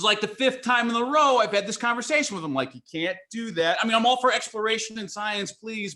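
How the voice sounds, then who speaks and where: A man's voice: high-pitched, pushed and bright. A man doing a stand-up set over a video call, telling stories in a rambling way with many restarts. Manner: rambling, self-interrupting storyteller. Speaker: stand-up comedian.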